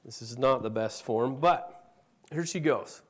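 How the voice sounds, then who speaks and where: Unhurried and mid-range in pitch, a middle-aged conference speaker shares a story about his family in a conference room, acting out their conversation.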